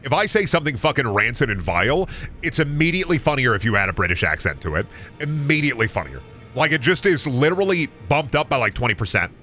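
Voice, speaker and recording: Jokey male game streamer from Iowa, bright voice, faint music under him. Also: medium pitch, very animated, fast. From Iowa, USA. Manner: goofy, jokey, reads out chat messages. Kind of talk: casual live-stream chat.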